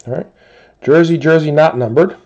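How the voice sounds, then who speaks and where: A man hosting a live sports card break, calmly listing teams and players as he opens packs. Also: on the high side, muffled recording. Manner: slow, relaxed listing of teams and cards.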